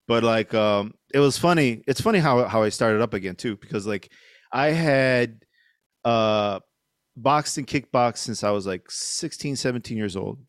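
A man's voice: medium pitch, moderate pace, no room sound, studio quality. Rambling, profane male storyteller. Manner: rambling, profane, lots of fillers. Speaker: podcast guest. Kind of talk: casual storytelling.

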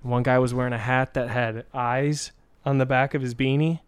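A man's voice: medium pitch, level tone, moderate pace, smooth, no room sound. A man hosting a casual, crude podcast, telling stories animatedly, swearing often and laughing a lot. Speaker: podcast host.

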